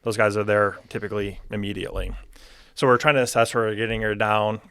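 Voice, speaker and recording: A man, an optometrist, telling clinic stories on a podcast with animated, excitable energy. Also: on the low side, a little fast, clean tone, no room sound, studio quality. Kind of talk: podcast storytelling. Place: podcast recording room.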